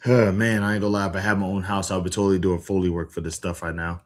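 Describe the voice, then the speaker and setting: A man's voice: low-pitched, little pitch movement, racing. A man streaming, chatting casually in a laid-back, rambling way over the game. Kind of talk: casual live-stream commentary.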